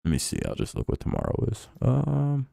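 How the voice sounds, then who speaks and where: A man's voice: mid-range voice, wildly swooping pitch, normal speed, vocal fry, dark tone, no echo, clean studio sound. Young man, streamer, profane, ranting, mocking, casual chat. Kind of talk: live game watch-along chat.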